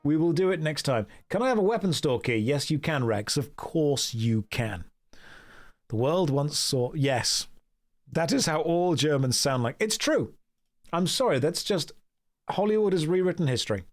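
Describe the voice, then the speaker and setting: A British man chatting casually on a game stream, joking, mocking himself and reading out chat. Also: on the high side. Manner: joking, self-mocking, reads chat aloud.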